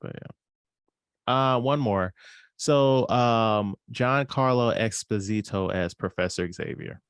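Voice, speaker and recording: A man with a fairly low voice chats in a relaxed, playful way and acts out little imagined quotes. The recording is dry and close. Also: slow, clean tone, dry recording. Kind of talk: casual chat.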